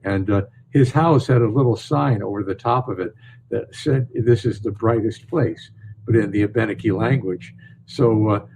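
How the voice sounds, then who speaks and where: An older man from northern New York, a storyteller answering interview questions in a calm, measured way. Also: on the low side, gravelly, slight background noise, rough recording. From northern New York, USA. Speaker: storyteller and author, guest. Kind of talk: podcast interview.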